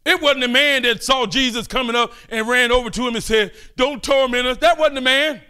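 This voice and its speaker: An older man preaching a fervent sermon, calling out and pleading with his listeners between quieter asides. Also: very high voice, fairly quick, smooth.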